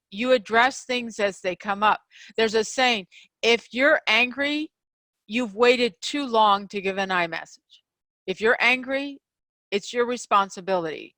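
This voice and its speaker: Animated woman coaching on relationships. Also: fairly high pitch, dry recording. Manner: animated, acts out quoted examples in a raised voice; frequent fillers and restarts, laughs between points. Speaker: podcast host and relationship coach. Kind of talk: casual teaching monologue.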